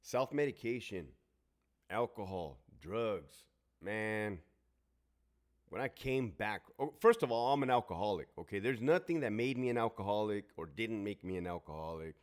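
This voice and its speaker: A former prison guard and veteran in his forties, from Southern California, tells his story casually in a fairly low, expressive voice at a normal speed. He's emphatic and blunt, with plenty of profanity.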